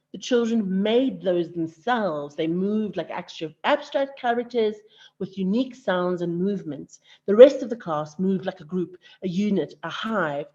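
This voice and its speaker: A woman gives a measured presentation on teaching through drama games. Her voice sits at a middle pitch. The audio is slightly dull and lo-fi. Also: a little mellow. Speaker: conference presenter. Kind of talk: presentation talk on arts education.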